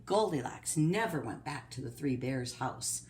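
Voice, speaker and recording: A woman reads a children's story aloud at an unhurried pace, her pitch moving a lot as she reads. She speaks clearly in a gentle, storytelling manner. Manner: slow, expressive reading.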